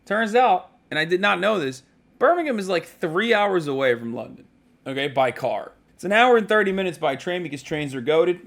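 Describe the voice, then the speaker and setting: A man chats casually on a livestream from a hotel room, rambling and cursing freely. His voice sits a little high for a man. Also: animated, normal speed, creaky, a bit bright. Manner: profane, rambling, joking.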